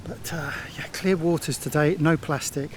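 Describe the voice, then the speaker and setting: A man's voice: on the high side, steady tone, moderate pace, slight background noise. A man hosting a sailing vlog, chatting cheerfully and rambling to camera outdoors. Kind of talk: casual vlog narration to camera. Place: outdoors at an anchorage.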